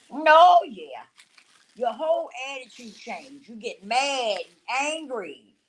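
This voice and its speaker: A woman's voice: a little high, a bit bright. A woman vlogger in a blunt, repetitive talking-to-camera rant who swears casually and laughs often.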